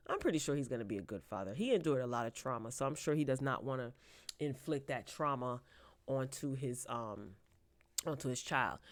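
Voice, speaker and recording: A woman's voice: lowish voice, a bit bright. Chatty woman reacting to celebrity news. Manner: reads headlines aloud and reacts with laughs and asides. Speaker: host. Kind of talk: casual entertainment news chat.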